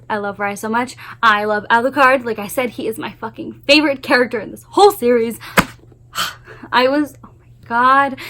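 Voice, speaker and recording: A woman's voice: on the high side, sharp tone. A woman book vlogger giving a gushing, emphatic spoiler review of a novel series, swearing often and repeating her exclamations.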